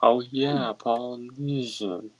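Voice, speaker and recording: Slow-talking young man on voice chat. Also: mid-range voice, steady tone. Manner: short agreeing replies, echoes the host. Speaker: stream guest. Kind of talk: casual voice-chat stream.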